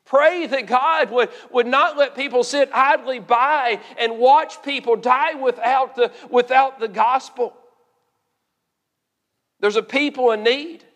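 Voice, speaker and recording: A man preaching an earnest sermon, often repeating words and slowing down to stress key phrases. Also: very high voice, fairly bright tone, long reverb tail, highs cut off. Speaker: pastor.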